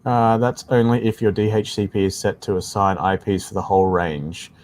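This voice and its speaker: A man's voice: lowish voice, fairly even intonation, moderate pace, a little mellow. A man with an Australian accent co-hosting a live tech Q&A stream, explaining things casually and often saying "like I said". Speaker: tech support co-host.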